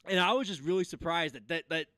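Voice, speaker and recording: A man's voice: on the high side, quick pace, sharp tone, no echo. A man co-hosting a casual sports talk show, retelling stories in a rambling way full of fillers. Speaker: podcast co-host.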